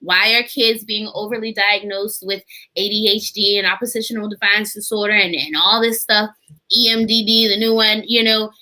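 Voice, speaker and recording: A woman in her thirties hosting a podcast conversation, animated and laughing often. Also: medium pitch, normal speed, rough recording. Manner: animated, acts out child voices, laughs often. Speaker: podcast host and therapist. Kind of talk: casual conversational interview.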